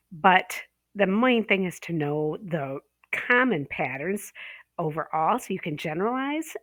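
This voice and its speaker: A woman teaching a pronunciation course, explaining step by step, tagging "okay?" onto her points and drawing out example words slowly. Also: deep voice, fairly bright tone, dry recording. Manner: explanatory, checks in with frequent "okay?"; slows and stretches example words. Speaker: ESL teacher trainer. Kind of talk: online course lesson.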